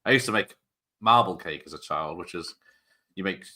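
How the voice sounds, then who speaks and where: A man's voice: low voice, moderate pace, pushed and bright. A man hosting a watch-party stream, chatting and joking through rambling tangents. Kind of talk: casual live-stream commentary.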